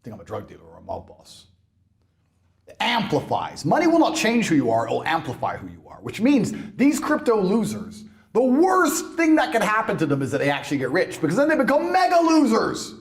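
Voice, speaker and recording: A man's voice: high voice, huge pitch swings, brisk, gravelly. A man in a brash, mocking monologue, swearing often. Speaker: internet personality. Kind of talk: ranting monologue.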